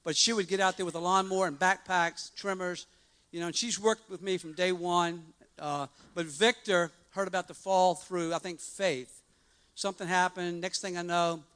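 A man's voice: high-pitched, fairly even intonation, normal speed, fairly bright tone. A middle-aged man giving a personal testimony to a church congregation, earnest and rambling, with frequent restarts and fillers.

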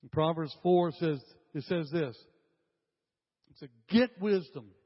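An older male pastor preaches with emphasis, his somewhat high voice hammering phrases home again and again. The sound is dull and lo-fi, carrying a long reverb off a church hall. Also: fairly even intonation, unhurried, husky. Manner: emphatic, repeats phrases, addresses the congregation directly. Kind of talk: sermon.

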